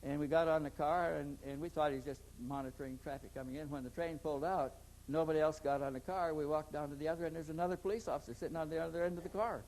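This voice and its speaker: A man's voice: a little high, fairly even intonation, quick pace, a little mellow, slight background noise, poor audio. A man in an interview, telling a long story in a rambling way and often repeating his first words. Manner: rambling, repeats words when starting sentences. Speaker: interviewee recounting experiences. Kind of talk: anecdotal storytelling.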